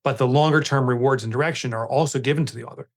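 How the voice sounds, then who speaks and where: Talking very fast in a medium-pitched voice, a man appears as a guest author in a podcast interview. He recounts a story with animation, performing his own reactions as he goes.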